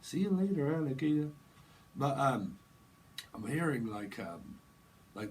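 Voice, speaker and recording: A man's voice: medium pitch, sing-song, unhurried, pauses often, a little hiss or hum, low-quality recording. A man giving a casual, rambling tarot reading, laughing often and using slang. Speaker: tarot reader.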